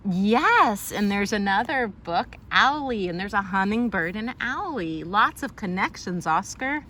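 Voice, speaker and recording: A woman's voice: medium pitch, animated, a little slow, pushed and bright, a little hiss or hum. A woman teacher reading a picture book aloud to a young child, patiently explaining names of plants and birds and asking questions along the way. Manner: patient, answers a child's interruptions.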